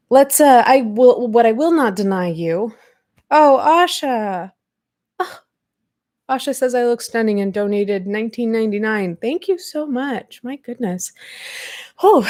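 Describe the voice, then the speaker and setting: A woman's voice: medium pitch, a little mellow, dry recording, clean studio sound. A woman in her thirties hosting a casual live-stream podcast from home, chatty and self-deprecating with lots of fillers. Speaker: podcast host. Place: home room at a computer.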